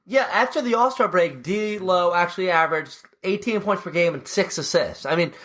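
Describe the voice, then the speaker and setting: A man's voice: high voice, normal speed, a bit bright, a little hiss or hum. A young man from New Jersey co-hosting a casual sports podcast, joking and putting on mock-somber tributes. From New Jersey, USA. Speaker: podcast co-host.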